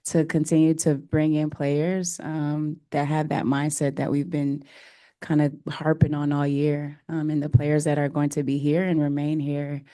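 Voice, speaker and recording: A woman head coach answering press conference questions in an earnest, emotional way, often pausing with fillers. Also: deep voice, little pitch movement, mellow, dry recording, studio quality. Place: press room.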